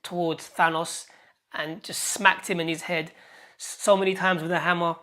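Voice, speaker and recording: A British woman hosting a casual film review vlog, excitable and rambling, with lots of fillers and restarts. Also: lowish voice, normal speed. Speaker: YouTube host.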